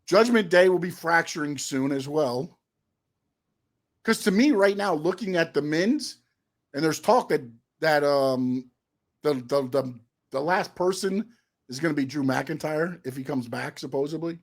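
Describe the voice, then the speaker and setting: A man co-hosting a casual wrestling podcast, skeptical and argumentative, firing back quick questions. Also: on the high side, lively intonation. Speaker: co-host.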